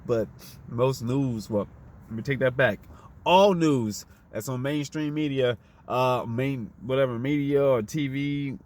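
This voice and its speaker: A man's voice: mid-range voice, unhurried, a little mellow. A man delivering a fiery, profane, unscripted monologue, firing off rhetorical questions in a preachy tone.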